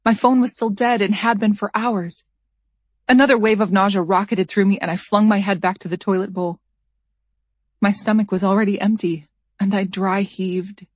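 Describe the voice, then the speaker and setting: Female audiobook narrator, mid-pitched, measured and tense, reading a first-person thriller on a dry, slightly muffled track. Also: fairly even intonation, no room sound. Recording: dry, slightly dull studio read.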